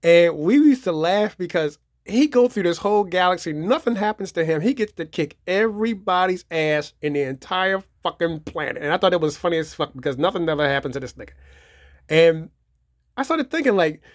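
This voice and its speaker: A man's voice: sits high, expressive, fairly quick, no echo, clean studio sound. A man giving a casual, rambling show-and-tell of his movie collection, repeating himself and leaning on fillers. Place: home theater room.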